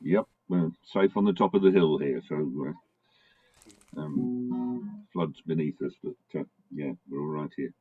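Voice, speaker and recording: A man introducing a folk song, telling its story slowly and hesitantly. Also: rumbling low, expressive, breathy edge, dry recording. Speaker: folk singer. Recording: dull home recording with guitar.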